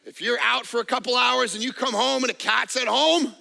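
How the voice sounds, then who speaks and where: A middle-aged man preaching a sermon as a pastor, animated, acting out little voices and jokes. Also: very high voice, fairly quick, vocal fry. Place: church auditorium.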